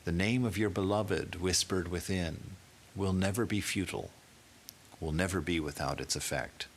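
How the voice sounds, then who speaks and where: A swami giving an emphatic sermon, building through rhetorical questions. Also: male voice, low voice, normal speed, slight background noise.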